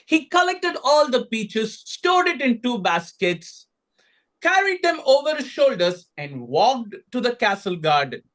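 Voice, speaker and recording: A man from India, telling a folktale slowly and expressively with dramatic pauses. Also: extremely high pitch, big pitch swings, fairly bright tone. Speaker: storyteller.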